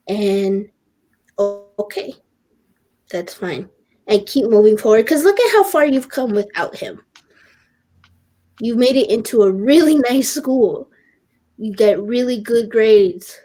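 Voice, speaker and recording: A teenage girl with a fairly high voice speaks as a guest on a podcast. She talks earnestly and with open emotion, often breaking off and restarting her sentences. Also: mellow. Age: teens. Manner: earnest, halting, with many restarts; openly emotional. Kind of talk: personal podcast conversation.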